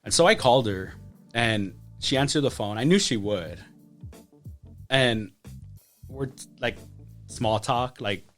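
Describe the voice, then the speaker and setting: A man's voice: medium pitch, expressive, slow pace, pauses often, fairly bright tone. A man in his thirties tells his personal story as a podcast guest. He speaks with emotion, often restarting and filling with "like". Faint music plays underneath. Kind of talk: personal testimony.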